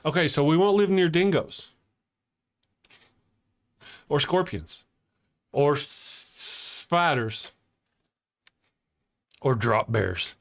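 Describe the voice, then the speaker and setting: Male live-stream host, casual and rambling, quick to laugh, mid-range voice. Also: medium pitch, very animated. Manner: rambling, jokey, laughs often, restarts mid-sentence. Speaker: host of a live atheist morning show. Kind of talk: casual live-stream chat reading viewer comments.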